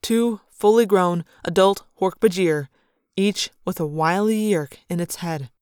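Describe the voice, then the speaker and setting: A woman's voice: fairly low pitch, a little slow, darkish tone, clean tone, dry recording, studio quality. A woman reading a sci-fi novel aloud in first person, narrating with dramatic, vivid storytelling. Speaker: audiobook narrator.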